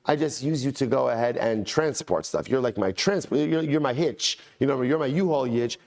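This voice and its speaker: A man's voice: medium pitch, moderate pace, darkish tone, lightly acted. A man playing a boastful ancient sorcerer who stammers and makes flustered excuses. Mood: defensive.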